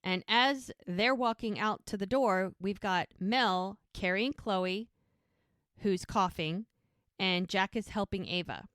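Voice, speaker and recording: A woman hosting a podcast, casually recapping a TV episode with animated storytelling. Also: medium pitch, takes it slowly, no room sound, studio quality. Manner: animated storytelling, acting out lines in passing.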